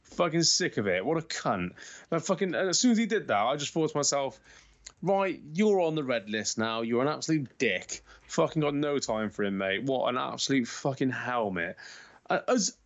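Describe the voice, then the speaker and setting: A man's voice: medium pitch, animated, moderate pace. Ranting, sweary man, lo-fi. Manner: ranting, heavy swearing, calls everyone mate. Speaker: podcast co-host. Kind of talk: casual sweary football chat. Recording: dull lo-fi sound.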